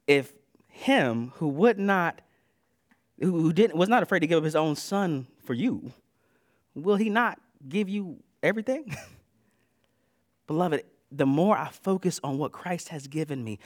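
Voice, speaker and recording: A man preaching a sermon in a casual, conversational way, moving between loud bursts and hushed asides. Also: on the high side, lively intonation, unhurried, dry recording, studio quality. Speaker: pastor.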